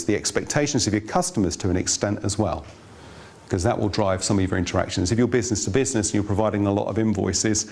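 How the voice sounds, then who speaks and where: Chatty, low-voiced man teaching. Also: darkish tone. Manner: chatty, anecdotal, with wry asides. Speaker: finance course presenter. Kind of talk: informal teaching talk. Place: room with an audience.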